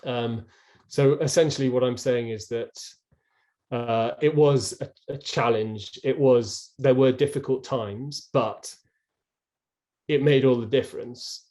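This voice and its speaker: A man's voice: mid-range voice, fairly even intonation, slow pace, mellow. A middle-aged man, a former rower, telling his story earnestly as an interview guest, with many restarts, over a video call.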